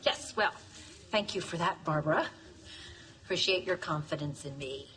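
A woman's voice: fairly low pitch, normal speed, fairly bright tone, natural voice. An actress playing a flustered, awkward woman who stammers, heard in a distant, noisy film clip.

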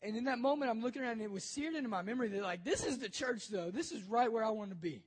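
Husky-voiced young male youth pastor. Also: extremely high pitch, racing. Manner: bold, emotional, conversational storytelling. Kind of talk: sermon storytelling.

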